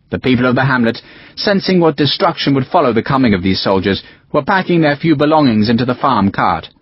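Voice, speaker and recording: A man narrating a war novel as a scripted audiobook reading, with expressive storytelling. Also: breathy edge, no echo. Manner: expressive storytelling with varied pitch. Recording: dull, dry audiobook recording.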